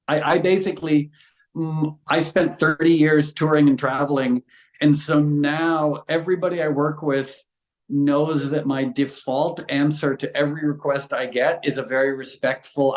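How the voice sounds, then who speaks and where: A man's voice: on the high side, a little mellow. A middle-aged man speaking as an interview guest, talking frankly and with passion. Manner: earnest, impassioned and frank. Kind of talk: conversational interview. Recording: roomy echo.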